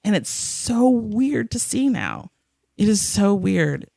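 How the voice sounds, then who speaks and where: Woman, podcast host, giggly, rambling, lively swooping pitch, dry close sound. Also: takes it slowly, creaky, no room sound. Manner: giggly, rambling, acts out quotes. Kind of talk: casual chat recapping an episode.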